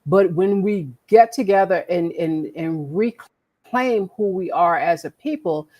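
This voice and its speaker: A woman's voice: lowish voice, takes it slowly, dark tone. A woman co-hosting a podcast, talking in an earnest, preachy way and repeating words as she makes her point. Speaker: podcast co-host. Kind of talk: casual conversation.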